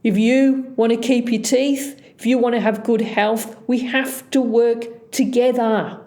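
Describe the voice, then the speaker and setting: A woman's voice: a little high, fairly even intonation, measured pace, mellow. Emphatic woman dentist explaining. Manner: emphatic, lecturing, repeats key words for stress. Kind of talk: health explainer.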